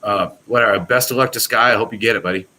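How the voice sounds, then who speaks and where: Guy rambling excitedly on a podcast, lowish voice but bright and punchy. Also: fast talker, low-quality recording. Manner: rambling, enthusiastic, many restarts. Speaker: guest, pool products company owner. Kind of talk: casual podcast chat.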